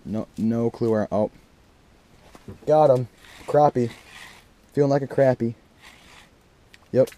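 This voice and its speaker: A young man talks into an action camera out on the ice, narrating each bite. He sounds excitable and slangy and keeps bursting into loud exclamations. His voice sits at an ordinary middle pitch for a man. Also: slow pace, pauses often, slight background noise. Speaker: fishing vlogger. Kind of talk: excited play-by-play while fishing. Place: ice fishing on a frozen lake in deep cold.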